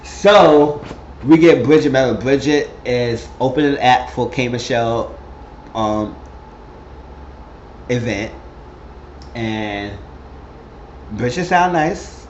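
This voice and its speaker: A man telling a casual, animated recap of a reality show, acting out the quotes as he goes. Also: medium pitch, slow pace, pauses often, a little hiss or hum. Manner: animated storytelling with acted quotes. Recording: roomy, slightly dull recording.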